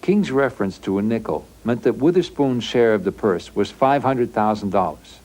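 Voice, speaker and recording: A man narrating a documentary in a steady, factual, scripted delivery. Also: on the low side, moderate pace.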